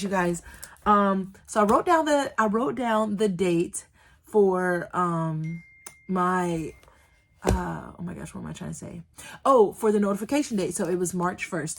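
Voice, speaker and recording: A woman chatting in a small business vlog from the floor, rambling with many fillers and restarts. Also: medium pitch. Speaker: small business owner vlogging. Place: indoors, sitting on the floor.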